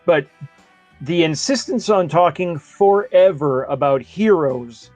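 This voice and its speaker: A man's voice: fairly high pitch, animated, slow pace, a little mellow, faint music behind. A man co-hosting a film podcast in casual chat, thoughtful and agreeable as he builds his points. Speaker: podcast co-host.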